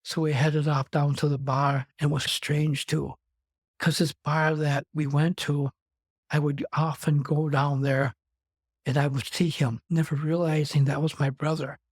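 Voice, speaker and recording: Interview guest: man from Wisconsin, slightly high, steady voice, recounting his life in a loose, run-on way. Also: measured pace, dry recording. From Wisconsin, USA. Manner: rambling, conversational, strings clauses with "and". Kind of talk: personal storytelling in an interview.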